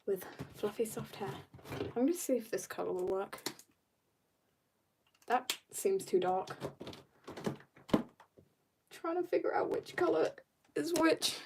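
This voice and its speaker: A woman's voice: a little high, big pitch swings, takes it slowly, vocal fry, pauses often, noisy background. A woman livestreaming as she draws, chatting casually with her viewers in a bubbly way and laughing often. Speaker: livestreaming artist. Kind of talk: casual chat while drawing, reading chat.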